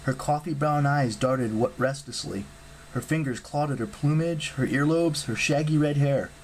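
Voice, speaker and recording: An audiobook reader narrating a fantasy novel aloud in an expressive style. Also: medium pitch, normal speed, a little hiss or hum, rough recording. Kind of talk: scripted narration.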